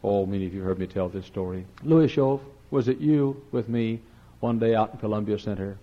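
Pastor, folksy sermon voice, big swings from loud and high to low and quiet, muffled dull audio. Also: male voice, brisk. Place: large church sanctuary.

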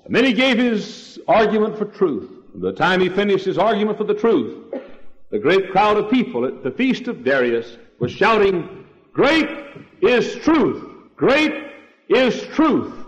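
An older male pastor preaching a sermon with emphatic, shouted refrains, on a 1968 church recording. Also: high-pitched, big-room sound, lo-fi sound.

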